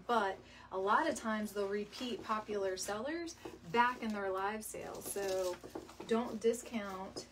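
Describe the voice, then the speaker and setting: In her home decor tutorial, a medium-pitched woman chats casually and rambles while working, laughing easily and saying "y'all." Background noise is present, and the somewhat distant mic picks up faint room ambience.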